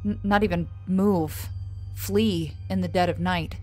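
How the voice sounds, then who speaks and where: A woman's voice: lowish voice, steady tone. Woman narrating a horror story. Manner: measured, softly dropping on tags. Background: soft music.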